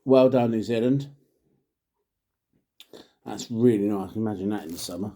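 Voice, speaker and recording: Trying drinks for his vlog, a middle-aged man who is also a father talks to camera in a lowish, warm voice at a moderate pace. His casual chat rambles and jokes, frequently slipping into mutters and trailing off.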